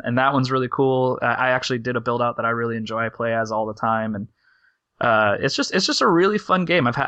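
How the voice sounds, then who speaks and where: A man's voice: medium pitch, sharp tone, no room sound. A man co-hosting a podcast, talking in a rambling casual way with lots of fillers. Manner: rambling, filler-heavy, laughs easily. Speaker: podcast co-host. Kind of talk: casual chat.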